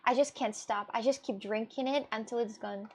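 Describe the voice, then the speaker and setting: A woman's voice: fairly high pitch, normal speed, breathy edge. A young woman streamer from Russia, chatting casually with viewers in a rambling way, with gasps and restarts. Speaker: live streamer.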